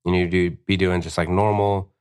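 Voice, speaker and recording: A deep-voiced man swapping shop stories as a guest on a podcast. He swears freely and leaps into his own retellings of what people said, jumping up in pitch for the punchlines. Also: a little fast, clear, resonant tone. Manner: profane, animated, acts out quotes. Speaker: tattoo artist guest. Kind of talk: casual storytelling.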